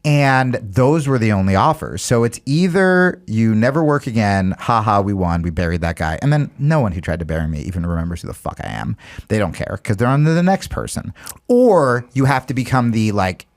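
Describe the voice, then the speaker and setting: A man's voice: on the low side, big pitch swings, a little fast. A man who is a comedian guest on a talk show, talking candidly and rambling in a self-deprecating way. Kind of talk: casual talk-show chat.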